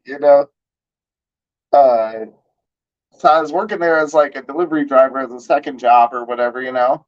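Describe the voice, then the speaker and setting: A man's voice: mid-range voice, normal speed, pauses often. A man in his thirties casually telling a long story, rambling and slangy with lots of fillers. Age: 30s. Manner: rambling, laid-back, slangy, lots of "like" and "you know". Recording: slightly dull lo-fi audio.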